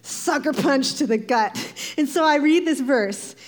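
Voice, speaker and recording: Animated woman telling a sermon story. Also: high voice, a little slow. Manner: animated, acts out quoted voices, laughs often. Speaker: speaker giving a devotional talk. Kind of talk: sermon-style personal storytelling.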